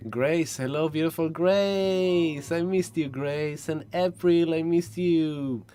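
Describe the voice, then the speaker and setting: A man hosting a spiritual live stream, greeting viewers one by one with effusive, gentle warmth. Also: on the high side, smooth. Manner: warm effusive greetings, slow and soft-spoken. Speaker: spiritual livestream host.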